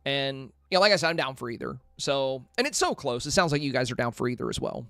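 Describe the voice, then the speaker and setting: A man's voice: on the high side, very animated, fast talker, few pauses, fairly bright tone, clean tone, no echo, studio quality, faint music behind. Chatty male streamer answering chat. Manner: chatty, reads viewer comments aloud and answers them. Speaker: livestream host. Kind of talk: casual livestream chat. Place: home.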